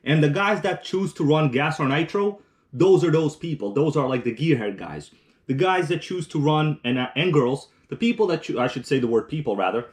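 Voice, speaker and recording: A man's voice: fairly high pitch, animated, moderate pace. A man hosting a casual live stream, chatting while eating and reading viewer comments aloud, rambling with restarts. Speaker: livestream host.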